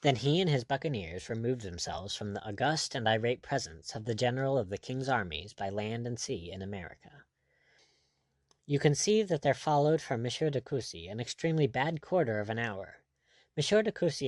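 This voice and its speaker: A man giving a measured, scripted audiobook narration. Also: medium pitch, animated, dry recording.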